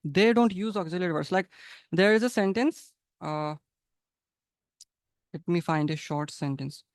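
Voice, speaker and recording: High, clear-voiced man teaching. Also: measured pace, no room sound, clean studio sound. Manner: encouraging, repeats phrases, coaching tone. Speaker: English conversation teacher. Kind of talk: live webinar teaching. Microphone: video call.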